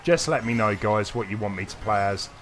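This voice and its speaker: Faint game music sits behind a gaming streamer whose voice is fairly low, a little fast and a bit bright. He responds to chat casually, rambling and often hesitating.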